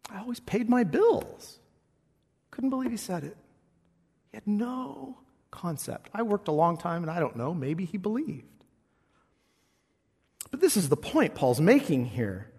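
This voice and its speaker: Male pastor preaching, kinda husky, big hall reverb, goes loud then quiet. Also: sits high, unhurried, long pauses. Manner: expressive preaching with wide swings between loud and hushed. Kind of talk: sermon.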